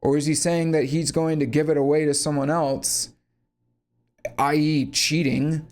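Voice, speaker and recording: A man's voice: on the high side, flat delivery, a little slow, a little mellow. A man giving a casual, blunt critique of a song, sarcastic and free with swearing. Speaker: song reviewer.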